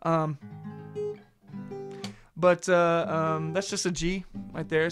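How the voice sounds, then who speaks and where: A man's voice: on the high side, little pitch movement, slow pace, over music. A man giving a casual singing lesson as a vocal coach. He talks loosely and chattily, with many ums and restarts, and his voice sounds a little tired.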